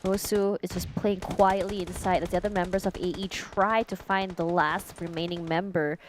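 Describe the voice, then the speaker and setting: A woman giving live play-by-play commentary on an esports match, brisk and animated, with sharp excited exclamations. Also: fairly low pitch, slight background noise. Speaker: esports caster.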